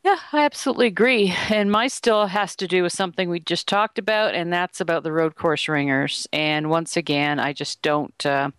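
A woman's voice: lowish voice, moderate pace, hardly any pauses, fairly bright tone, clear, resonant tone, no echo. A woman co-hosting a motorsport talk podcast, sharing opinions in an easygoing, chatty way. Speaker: podcast co-host. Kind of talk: casual sports talk.

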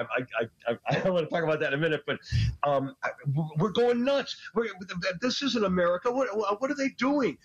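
A man's voice: fairly high pitch, dull audio. A man ranting on a talk radio show, agitated and scattered, stammering and laughing as he goes. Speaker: regular radio commentator. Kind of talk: animated political talk radio rant.

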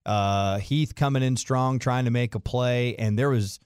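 A man hosting a sports talk radio show, moving briskly from topic to topic and introducing a guest. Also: medium pitch, darkish tone, no echo, clean studio sound. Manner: brisk, smooth segment transitions. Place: radio studio.

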